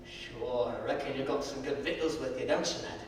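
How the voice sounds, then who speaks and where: A man's voice: medium pitch, slight background noise, lightly acted. A man playing a weary blind old peddler. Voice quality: gruff, rustic old-timer speech. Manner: stage acting, slow and mournful. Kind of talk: stage recital acting. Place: large theatre stage. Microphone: distant room mic. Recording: echoey hall from far off.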